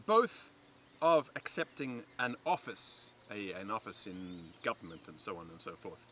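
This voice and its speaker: Bright-voiced man teaching Latin vocabulary. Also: fairly low pitch, sing-song, a little hiss or hum. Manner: repeats Latin words slowly and clearly for learners. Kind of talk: vocabulary lesson reading from a dictionary. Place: parked by a roadside in a river valley, outdoors or in a vehicle.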